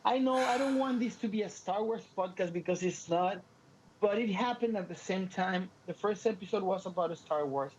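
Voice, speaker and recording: A man's voice: high voice, normal speed, highs cut off, a little hiss or hum. A Latino man whose first language is Spanish, co-hosting a podcast in casual, joking chat with a Latin American Spanish accent. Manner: animated, playful, joking. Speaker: podcast co-host.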